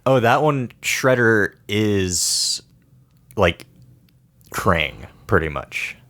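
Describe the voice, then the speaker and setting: Young man, podcast co-host, low voice, very lively pitch, rambling jokes. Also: extremely slow. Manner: rambling, jokey, drops into impressions. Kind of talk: casual chat.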